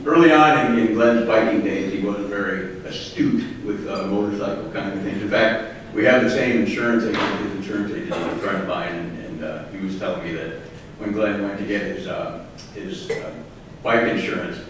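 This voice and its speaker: A man tells roast jokes to a crowd, stumbling through fillers and restarts as he builds each punchline. He sounds far from the mic in a very echoey hall, with a steady hiss under the recording. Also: lowish voice. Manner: halting delivery with many fillers and restarts. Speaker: roast speaker. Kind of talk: stand-up roast storytelling. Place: large hall with live audience.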